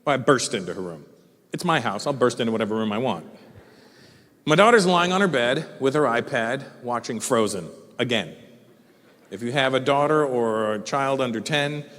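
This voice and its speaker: A man's voice: medium pitch, animated, normal speed, fairly bright tone. A middle-aged man doing a live stand-up set, telling stories and swearing freely as he chats with the crowd. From Canada. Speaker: stand-up comedian. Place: large live venue on stage. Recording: live hall reverb with faint ambience.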